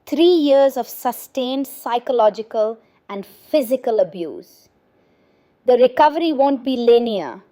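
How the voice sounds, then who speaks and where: A woman narrator voicing a patient female therapist who gives serious news in a measured, clinical way. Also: a little high, expressive, dark tone, dry recording. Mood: grave. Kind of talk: scripted story narration.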